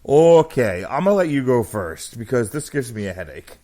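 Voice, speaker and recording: A man's voice: mid-range voice, big pitch swings, moderate pace, mellow. A man in his thirties co-hosting a podcast, chatting casually and telling stories with plenty of swearing and jokes. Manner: profane, storytelling, jokey. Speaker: podcast co-host. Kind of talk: casual chat.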